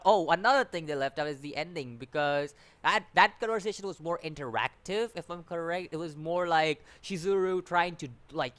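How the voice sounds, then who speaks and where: Rambling man with a higher voice. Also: fairly bright tone, no echo. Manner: rambling, repeats words, many restarts and fillers; exasperated, complaining. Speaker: anime reviewer. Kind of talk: casual spoken review.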